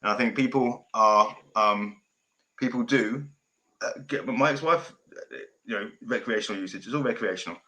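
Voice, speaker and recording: A man's voice: on the low side, moderate pace, bright, forceful tone, low-quality recording. A man hosting a casual podcast chat, forthright and sweary, often calling people mate. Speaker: family law consultant and podcast host.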